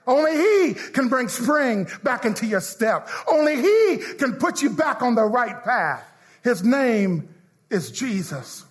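High, lively shouting preacher man. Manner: preaching with call-and-response, half-singing and shouting. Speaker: pastor. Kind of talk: sermon.

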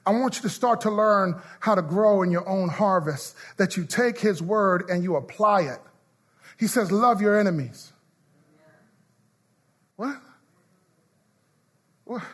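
A man a sermon, calling out to the congregation and leading call-and-response, his lines half sung and shouted. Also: high-pitched, normal speed. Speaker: pastor.

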